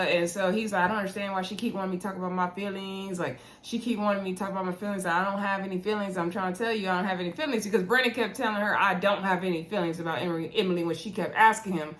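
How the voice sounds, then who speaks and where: A woman hosting a casual reality show recap, chatty and animated, acting out quotes with playful voices. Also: mid-range voice, quick pace, few pauses, a little hiss or hum.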